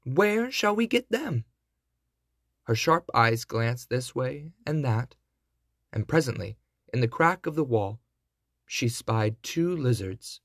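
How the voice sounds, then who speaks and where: A man reading a classic fairy tale aloud, in a deliberate storybook narration. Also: medium pitch, no room sound, studio quality.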